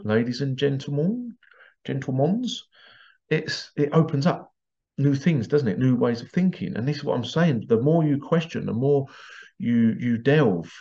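A man's voice: mid-range voice, darkish tone, lo-fi sound. A man hosting a podcast in a casual, rambling monologue, digressing often and dropping in playful vocal sound effects. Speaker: podcast host.

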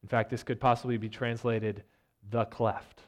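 A man, a church elder, preaching a sermon, reading scripture and retelling it with mounting intensity before dropping to a soft, low delivery. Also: flat delivery, normal speed. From Virginia, United States. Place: church sanctuary.

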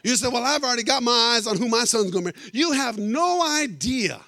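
A middle-aged man preaching a sermon, telling animated stories and joking with the congregation. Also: very high voice, fairly quick, dry recording. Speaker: guest preacher. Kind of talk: storytelling sermon.

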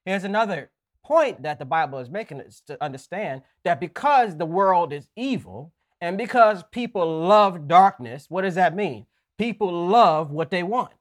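A man preaching a sermon in a conversational way, often checking in with "right?" and reading scripture slowly with emphasis. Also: high voice, animated. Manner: folksy asides.

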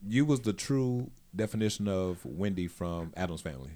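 A man's voice: low voice, animated, normal speed, dark tone. A man hosting a casual interview, asking questions with teasing jokes. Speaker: host.

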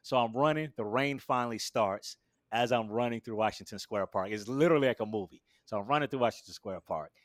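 A man telling a long personal story in a casual interview, animated and acting out what people said. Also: fast, no echo, studio quality. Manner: animated, acts out quotes with big jumps in pitch and volume. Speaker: guest.

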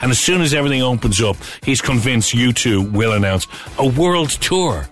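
A man's voice: mid-range voice, animated, normal speed. A man presenting a radio show in a chatty manner, with wry asides. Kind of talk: casual radio chat.

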